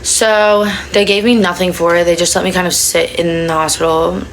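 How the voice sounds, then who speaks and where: Young woman, low gravelly voice, rambling and emotional, livestreaming from home on her phone. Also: flat delivery, moderate pace, a little hiss or hum, low-quality recording. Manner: rambling, emotional, many fillers. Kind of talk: confessional casual talk.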